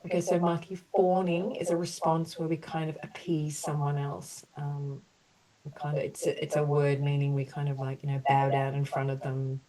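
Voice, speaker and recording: A woman leading an online group healing session, slowly offering soothing apologies and then explaining in a loose, chatty way. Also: sits low, a little mellow, distant mic, poor audio. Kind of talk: guided emotional healing session.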